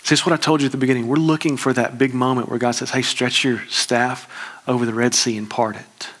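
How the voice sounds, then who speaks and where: A man, preaching a conversational, emphatic sermon as a pastor with quick restarts. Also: mid-range voice, level tone, a bit bright.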